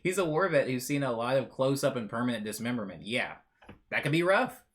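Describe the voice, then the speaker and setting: Animated, lively-pitched male streamer. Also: fairly quick. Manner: animated, rambling, jokey mock outrage, reads chat aloud. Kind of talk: casual livestream chat.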